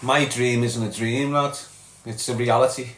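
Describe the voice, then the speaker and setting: A man's voice: medium pitch, steady tone, moderate pace, fairly bright tone, slight background noise. Scouse man chatting to his viewers. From Liverpool. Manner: blunt, calls everyone lad and mate. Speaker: live stream host reading chat. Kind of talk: casual live chat.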